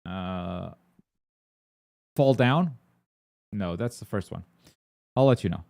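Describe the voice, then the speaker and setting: A man hosting a gaming and anime news stream in casual chat. He rambles excitably, with plenty of filler words and blunt swearing. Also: deep voice, a little slow, creaky, no room sound, clean studio sound.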